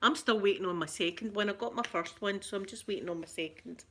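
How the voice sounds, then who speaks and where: She talks fast, her medium-pitched voice fairly bright. The middle-aged Scottish woman, who has a Glaswegian accent, hosts an ASMR livestream, chatting casually with viewers while repeating phrases and laughing frequently.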